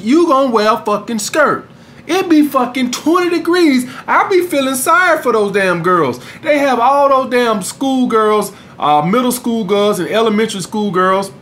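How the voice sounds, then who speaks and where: Delivering a podcast monologue full of dating advice, a man speaks in a high-pitched, fairly bright tone. He's a dating coach and host whose style is blunt and profane, and he keeps tossing out "guys" and "all right?" to his audience.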